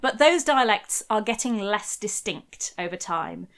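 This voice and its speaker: A woman's voice: mid-range voice, lively intonation, measured pace, a bit bright. A young woman narrating a scripted history video essay in a wry, conversational way.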